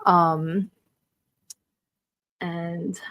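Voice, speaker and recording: A woman in her forties hosting a live stream, chatting casually and reading out viewer comments in a talkative, animated way, with lots of "like" and frequent laughter. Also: lowish voice, very slow, dry recording, lo-fi sound. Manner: chatty and animated, heavy use of "like", laughs often. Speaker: streaming podcast host.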